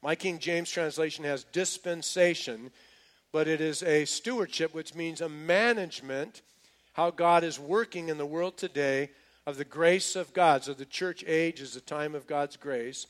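A male pastor preaches a sermon in a relaxed, slangy storytelling manner, often restarting his words. His voice sits somewhat high for a man. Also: measured pace.

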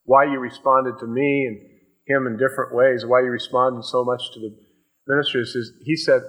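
A man with a bright, forceful voice preaching a sermon. He stretches scripture out slowly and loudly, then tosses off quick asides. On his most personal points he sinks to a near hush. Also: mid-range voice, little pitch movement, poor audio. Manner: swings from slow, loud emphatic reading of scripture to quick asides; drops to a soft, hushed voice for personal points.

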